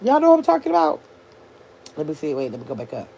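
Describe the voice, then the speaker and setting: An older woman hosting a casual livestream, chatting with her viewers and reading their comments aloud as she thinks out loud. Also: deep voice, fast, creaky, breathy edge. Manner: chatty, animated, thinks out loud, addresses chat as y'all. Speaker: livestream host reading chat.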